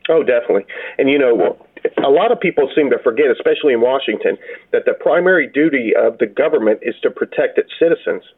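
Sheriff guy calling in, phone line audio, mid voice, calm and folksy. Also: mid-range voice, quick pace, a little hiss or hum. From Florida. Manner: plainspoken, steady, folksy. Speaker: sheriff, guest. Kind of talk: phone-in interview.

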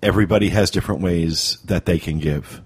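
Very deep, husky male podcast host. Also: a little mellow. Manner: halting, full of fillers and restarts. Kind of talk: casual podcast talk.

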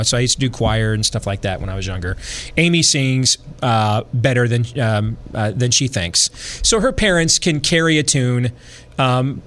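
A man's voice: mid-range voice, a bit bright. Middle-aged guy hosting talk radio, rambly and chatty, lots of ums and restarts. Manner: rambling, conversational, many fillers and restarts. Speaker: talk show host. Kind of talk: casual political talk radio.

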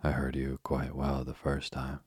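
A man's voice: a bass voice, monotone, measured pace, breathy edge, no room sound, studio quality, heavily acted. A man doing a curt, evasive storybook rabbit. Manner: curt and testy. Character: fussy evasive male rabbit in his burrow. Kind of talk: storybook reading.

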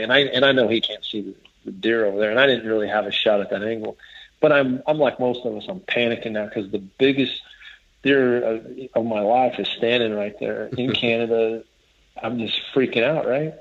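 A man casually telling a long story as a guest, rambling and restarting as he quotes others. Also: medium pitch. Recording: dull lo-fi audio.

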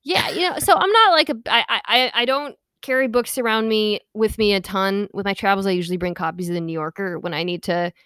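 A woman's voice: mid-range voice, a bit bright, clean tone, dry recording. Chatty woman podcast host, dry sound. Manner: chatty, quick asides, playful defensiveness. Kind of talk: casual sports podcast chat.

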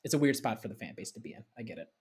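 A man's voice: fairly low pitch, expressive, rapid-fire, breathy edge. A man co-hosting a podcast, talking casually and often repeating words as he starts a thought. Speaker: podcast co-host. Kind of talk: casual chat.

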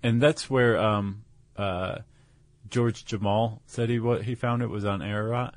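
Relaxed low-voiced male podcast co-host. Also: a little slow, no room sound. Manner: relaxed, conversational, laughs easily. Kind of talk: casual podcast chat.

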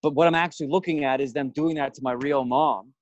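A man guest on a podcast, telling a story in a self-deprecating way, swearing freely and getting animated as he goes. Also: fairly high pitch, fast, muffled recording, background noise. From Canada. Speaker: guest actor.

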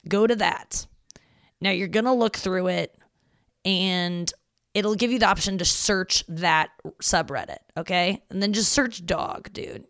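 Woman comedian-host, lowish voice, loose self-mocking monologue, salty language. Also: smooth. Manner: rambling, self-deprecating, swears freely. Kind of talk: casual solo monologue.

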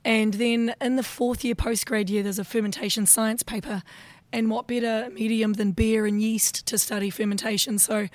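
Husky-voiced woman with a New Zealand accent. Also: fairly high pitch, level tone, moderate pace, no echo. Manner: chatty, self-deprecating, laughs easily. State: husky, strained voice. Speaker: interview guest. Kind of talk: casual chat.

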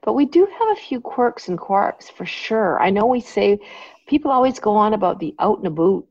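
A Canadian woman with a Western Canadian accent, hosting a podcast in casual, animated chat. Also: medium pitch, moderate pace, husky, dry recording, lo-fi sound. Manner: animated, laughing, chatty. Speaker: podcast host.

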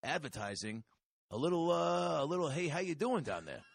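A man's voice: on the high side, lively intonation, normal speed, gravelly, slightly rough, no room sound, clean studio sound, voice pushed up, heavily acted. A man putting on a brash, crude, blustering interrupter for a comedy podcast bit, rambling and profane. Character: brash crude male interrupter, pushy and loud.

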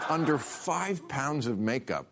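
The recording is very noisy, with loud crowd laughter and applause. An older man with a slightly high voice hosts a talk show from a TV studio with a live audience, delivering sardonic, punchy stand-up jokes.

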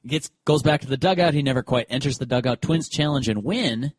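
A man's voice: medium pitch, fairly quick, no room sound. A man co-hosting a sports podcast in casual chat, telling stories and acting out what players and umpires said. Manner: animated storyteller who acts out quotes. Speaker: podcast co-host.

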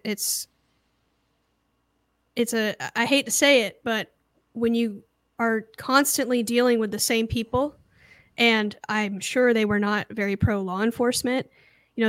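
A woman co-hosts a podcast with a slightly high voice, laying out her points in a measured, explaining way. Her close sound is dry. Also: dry recording. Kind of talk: casual chat.

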